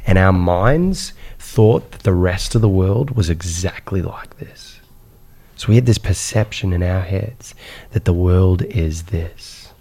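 Iraqi-born man, low gravelly voice, animated guest storyteller. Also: takes it slowly. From Iraq. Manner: animated, repeats "right?" and "insane", many fillers. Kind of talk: personal storytelling in conversation.

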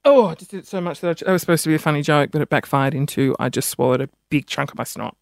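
A man hosting his own podcast in casual solo chat, rambling and self-mocking with quick asides and audible sniffing between phrases. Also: fairly high pitch, vocal fry, no room sound, clean studio sound. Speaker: podcast host.

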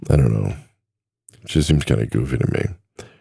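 Very deep gravelly man, rambling podcast host. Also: moderate pace, warm tone, dry recording, studio quality. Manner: rambling, easygoing, self-deprecating. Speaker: podcast host and truck driver. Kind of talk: casual solo podcast chat.

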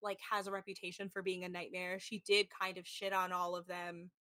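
A woman's voice: lowish voice, little pitch movement, brisk, sharp tone, no room sound. A woman hosting a casual podcast, recapping a reality show in a chatty way with lots of "like". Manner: chatty, heavy use of "like", mimics people in quotes. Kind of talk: casual chat.

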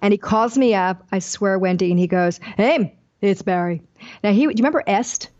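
A woman's voice: mid-range voice, fast, lo-fi sound. An older woman guest, an author, telling her life story candidly in an interview and acting out the people she quotes. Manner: animated, acts out quoted dialogue.

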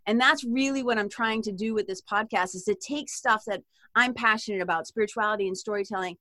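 A woman with a Boston accent, chatting as a podcast guest in a lively, rambling way with frequent laughs. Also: medium pitch, a little fast, no echo. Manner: chatty and animated, given to tangents and laughter. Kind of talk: casual interview chat.

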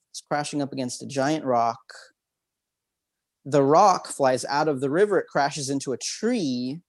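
A man, a memory expert guest on an interview, leading a listener through a visualization exercise in an upbeat, instructive way with frequent chuckles. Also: medium pitch.

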